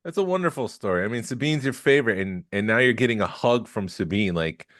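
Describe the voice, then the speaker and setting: A man co-hosting a podcast, running through news items in relaxed casual chat with jokes along the way. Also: on the low side, fast, no room sound, clean studio sound. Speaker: podcast co-host.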